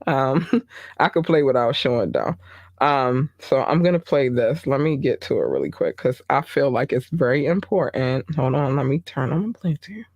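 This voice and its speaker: A woman's voice: a bass voice, lively intonation, moderate pace, a little mellow, no echo, muffled recording. A woman hosting a casual gossip podcast, chatty with many fillers and asides. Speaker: podcast host.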